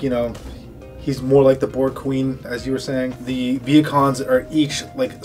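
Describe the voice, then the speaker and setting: A man's voice: medium pitch, a little mellow. A man co-hosting a casual review chat, playfully recapping scenes as a story. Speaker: podcast co-host reviewing a cartoon series.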